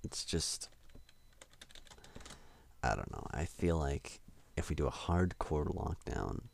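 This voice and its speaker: Man, very deep voice, vocal fry, young adult, solo podcast host, rambling, hesitant. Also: very animated, slow pace, darkish tone, a little hiss or hum. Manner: rambling, self-deprecating, hesitant with many fillers.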